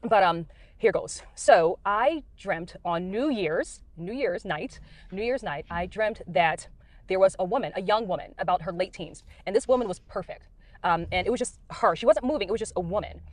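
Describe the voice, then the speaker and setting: A middle-aged American woman talks quickly and earnestly from inside her car, drifting and looping back with plenty of fillers. Her voice sits close and dry, with no room around it. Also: medium pitch, dry recording. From United States. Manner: earnest, rambling, many fillers. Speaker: Christian speaker sharing dreams. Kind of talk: casual testimony.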